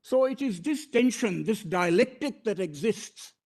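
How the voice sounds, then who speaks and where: A high-pitched, expressive male voice with a darkish tone and measured pace belongs to a man with an Indian English accent. Arguing formally before a court bench, he stays deferential and emphatic, repeatedly addresses the judges as "my lord," and keeps restarting phrases.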